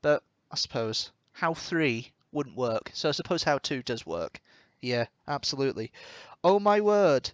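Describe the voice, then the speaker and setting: A man's voice: medium pitch, very animated, a little slow, hardly any pauses, no echo. A man from Scotland hosting a casual livestream, chatty and exclamatory as he reacts to viewer comments. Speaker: livestream host. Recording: slightly dull lo-fi stream audio.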